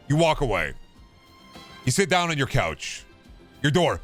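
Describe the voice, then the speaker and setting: A young man streaming a game, chatting casually, joking loudly and yelling at races. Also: mid-range voice, sing-song, normal speed, faint music behind. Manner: loud, joking, yells at the game during races. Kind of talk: casual gaming stream chat.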